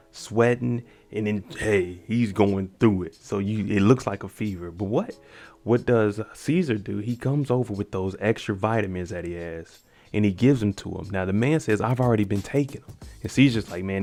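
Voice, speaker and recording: Young male recap host, low voice, animated storyteller, faint music underneath. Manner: animated retelling, acts out characters' lines. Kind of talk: casual spoken episode recap.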